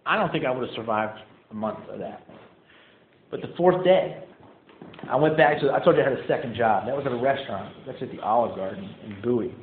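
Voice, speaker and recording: A man's voice: mid-range voice, brisk, a little hiss or hum. Casting: man, casual self-mocking storyteller at a meeting, quotes others in put-on voices; thin tinny sound. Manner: casual, self-mocking, filler-heavy with many "like"s; acts out quoted people in his story. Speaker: speaker sharing his recovery story. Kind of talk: storytelling talk to a live audience. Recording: tinny, echoey hall recording.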